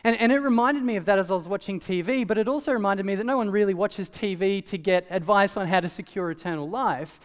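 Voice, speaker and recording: Male pastor, casual lively preaching; high-pitched, reverberant church hall. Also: quick pace, few pauses. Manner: conversational, animated preaching with asides. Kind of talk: sermon.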